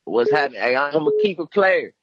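A man's voice: a little high, sing-song, brisk, muffled recording, a crowd in the background. A man calling in to a comedy stream, laid-back and boastful. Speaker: caller. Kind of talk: crude phone call to a comedy stream.

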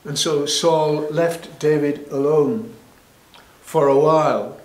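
A man telling a Bible story to children in a lively, animated way, with frequent restarts. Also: on the high side, takes it slowly. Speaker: church storyteller. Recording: echoey room.

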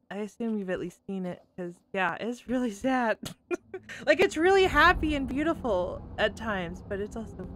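A young woman chats slowly and casually with her stream while playing a game at home. Her speech is halting and full of fillers, and she is emotional, laughing through tears. A faint hiss sits under her desk mic. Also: fairly high pitch, fairly bright tone. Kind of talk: casual gameplay chat.

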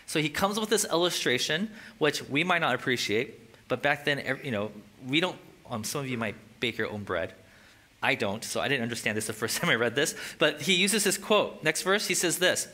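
Bright-voiced, animated male pastor. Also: on the high side, fairly quick. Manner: animated, acts out quoted voices, jokey asides; casual and conversational, with filler words. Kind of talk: sermon.

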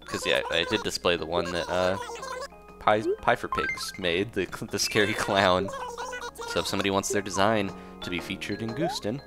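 A man giving relaxed, rambling commentary while playing a cozy video game, often restarting his sentences. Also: deep voice, normal speed. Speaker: gameplay commentator. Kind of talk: casual let's-play commentary. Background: game music.

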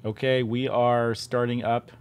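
Hosting a casual live stream, a male game studio head chats loosely, breaking off to restart sentences and repeat words. His voice is medium in pitch, clear and resonant, with a flat delivery at a measured pace.

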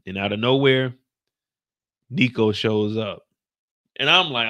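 A young man hosts a casual reaction show, recapping an episode and animatedly acting out scenes in different voices. He speaks at a medium pitch and a slow pace, leaving long pauses.

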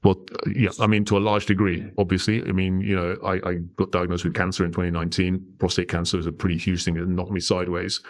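Middle-aged male podcast guest, low voice, chatty storyteller. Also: fast, hardly any pauses. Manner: animated storyteller, tags lines with "right?". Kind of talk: conversational storytelling.

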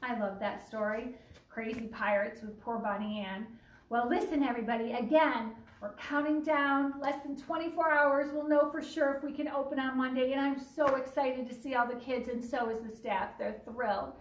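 A woman who teaches young children, reading a picture book aloud with lively asides, then speaking to families. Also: sits high, moderate pace, recorded from a distance, slight background noise. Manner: warm, animated storytelling with asides. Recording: echoey room, voice away from the mic.

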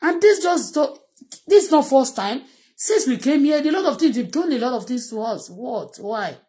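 Middle-aged Nigerian-accented woman, personal vlog, pleading and repetitive, slightly high voice. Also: lively intonation, normal speed, dark tone. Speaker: vlogger.

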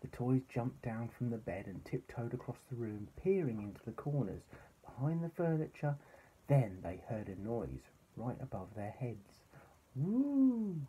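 A father reading a bedtime story aloud to his son, gentle and expressive. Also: mid-range voice, moderate pace, slight background noise, low-quality recording.

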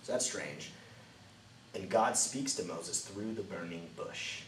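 A man's voice: sits low, takes it slowly. Man telling a kids' Bible story. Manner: lively storytelling, swings between loud and hushed. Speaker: children's ministry teacher. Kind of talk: Bible story lesson for kids. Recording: roomy, distant mic, faint ambient noise.

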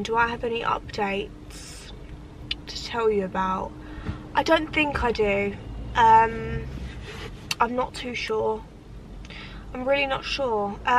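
A woman's voice: medium pitch, noisy background. A woman, vlogging casually to the camera, chatty and rambling with lots of fillers, and tired. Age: 20s. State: tired, yawning. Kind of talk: casual vlog chat to camera. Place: outdoors at a shopping area.

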